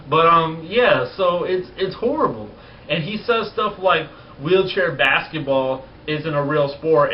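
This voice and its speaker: A man in his twenties talking casually on a vlog, blunt and profane, rants that get animated. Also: fairly high pitch. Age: 20s. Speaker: vlogger. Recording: distant lo-fi mic with faint noise.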